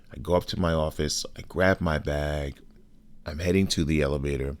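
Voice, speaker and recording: Deep-voiced man telling a personal story. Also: steady tone. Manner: measured, deliberate retelling with blunt cursing. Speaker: podcast host.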